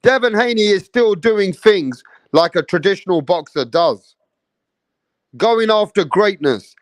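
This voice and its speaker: A man hosting a boxing channel, chatting casually on a live stream, shouting out viewers in slangy, emphatic talk. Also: high voice, animated, unhurried, no room sound.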